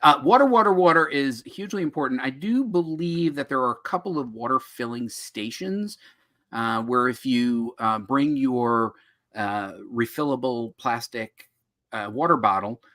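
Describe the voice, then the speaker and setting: A middle-aged man from New Jersey, co-hosting a casual chat with jokey, animated storytelling. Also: mid-range voice, a little slow. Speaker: co-host of a comics podcast.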